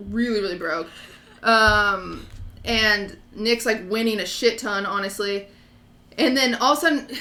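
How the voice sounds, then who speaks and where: A woman streamer telling a story in casual chat, animated and acting out quotes from other people. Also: fairly high pitch, roomy sound.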